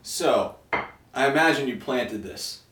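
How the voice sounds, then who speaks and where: A man's voice: medium pitch, expressive, unhurried. Guy interviewer cracking jokes while he asks stuff, a bit far off in an echoey room with some faint hiss. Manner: jokey, playful questioning. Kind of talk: casual interview chat. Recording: echoey room, distant mic, faint noise.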